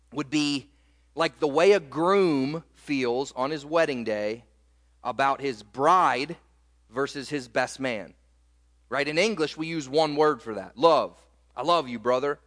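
A man preaching a sermon as pastor, with a fairly high voice that leaps up and down lively. He builds to emphatic peaks and repeats rhetorical questions to his listeners, then slips into quick asides.

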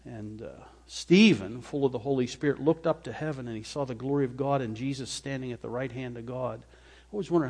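A male pastor preaching a sermon, reading scripture aloud and commenting on it, with rising bursts of emphasis that drop back to a low, quiet tone. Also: brisk, husky. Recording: hall reverb.

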